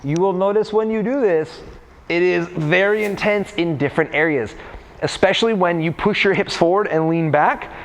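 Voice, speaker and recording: A young man coaching warm-up exercises in a casual, joking way while demonstrating the moves. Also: high-pitched, normal speed. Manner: playful, jokey, talks while exercising. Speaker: freerunning coach.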